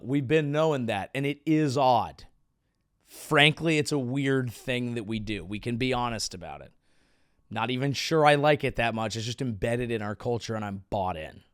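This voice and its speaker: A man's voice: a little high, gravelly, fairly bright tone, no room sound, clean studio sound. Rambling profane male comedian host. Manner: rambling, profane, self-deprecating. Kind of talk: comedic monologue.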